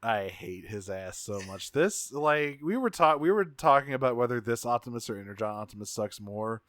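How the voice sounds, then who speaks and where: A man's voice: medium pitch, lively intonation, normal speed, fairly bright tone, dry recording, clean studio sound. A man co-hosting a podcast, chatting casually with sarcastic, sweary ranting. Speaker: podcast co-host.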